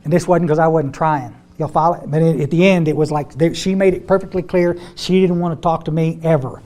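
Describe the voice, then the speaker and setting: A man's voice: fairly high pitch, steady tone, brisk, warm tone. An older man speaking to a recovery group, folksy and repeating words as he tells his story. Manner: folksy, repeats words, addresses audience as y'all. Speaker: AA step study speaker.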